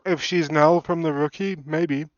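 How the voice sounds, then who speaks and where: A man's voice: a little high, steady tone, unhurried. A man, streaming reaction commentary in a laid-back, chatty way and swearing casually. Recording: dull, dry home mic.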